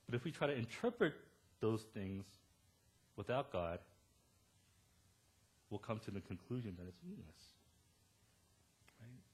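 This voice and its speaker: A man in his thirties preaching a sermon as pastor, animated and storytelling, quoting the people he talks about. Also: on the low side, measured pace, long pauses, breathy edge.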